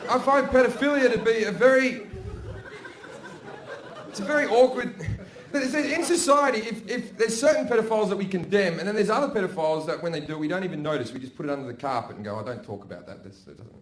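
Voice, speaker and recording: A man with an Australian accent performing profane stand-up comedy, swinging between loud bursts and low mutters, in a theater. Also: fast. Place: theater with a balcony, live audience. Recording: roomy live stage recording with audience laughter.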